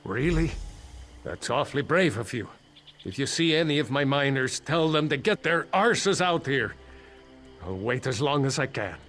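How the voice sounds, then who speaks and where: A man's voice: medium pitch, expressive, moderate pace, a bit bright, soft background music. An actor playing an anxious male mine foreman in a video game, rambling nervously with dry humor about his trapped crew.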